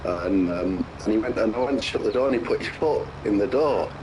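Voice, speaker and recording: A man's voice: lowish voice, expressive, moderate pace, background noise. A man playing on a community game server, chatting in a laddish way, laughing often and tacking "mate" onto most lines. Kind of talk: casual chat while gaming.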